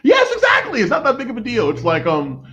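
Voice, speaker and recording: A man's voice: extremely high pitch, wildly swooping pitch, quick pace, a bit bright. A young man from the United States, co-hosting a podcast in casual chat and rambling with lots of "like". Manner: rambling, heavy on fillers like "like". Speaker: podcast co-host. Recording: dull lo-fi recording.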